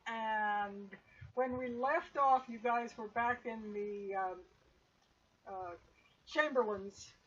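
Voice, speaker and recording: A woman running a tabletop game as game master, narrating in a relaxed, rambling way with plenty of fillers. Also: fairly high pitch, takes it slowly, slightly rough. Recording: dull lo-fi stream audio with faint hiss.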